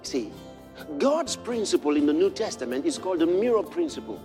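A male preacher with a high, very lively voice that swings from soft storytelling to shouted praise. He quotes scripture in old-fashioned wording. Faint music sits behind him. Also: brisk. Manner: builds from quiet storytelling to shouted exhortation. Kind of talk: sermon.

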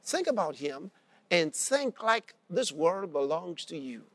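A man's voice: on the high side, very animated, slow, dry recording. A man preaching a sermon, telling a story and acting out its characters' lines, repeating phrases for emphasis.

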